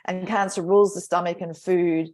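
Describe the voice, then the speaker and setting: A woman astrologer talks as a podcast guest in a low voice. She speaks reflectively and takes her time, often trailing off in thought. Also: fairly even intonation, darkish tone. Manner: reflective, slow, trailing pauses. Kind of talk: casual podcast chat.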